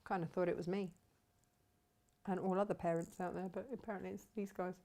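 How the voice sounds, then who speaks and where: A woman's voice: on the low side, level tone, fast, mellow. A middle-aged woman hosting a casual live fabric shop stream, chatting, reading out viewer comments and laughing often.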